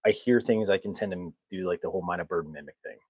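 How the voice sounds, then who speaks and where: A man's voice: deep voice, fast, a little mellow, slight background noise, poor audio. A man hosting a casual podcast chat, rambling from one story to the next, chuckling often and poking fun at himself. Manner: rambling, chuckles often, self-mocking humor. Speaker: podcast host.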